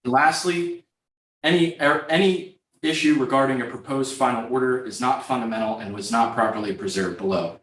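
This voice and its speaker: A man's voice: medium pitch, moderate pace, fairly bright tone, slight background noise. A man arguing for the agency in court, formal and structured, laying out his points in numbered order. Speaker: attorney for the agency. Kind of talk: courtroom oral argument. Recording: echoey courtroom, voice far from the mic.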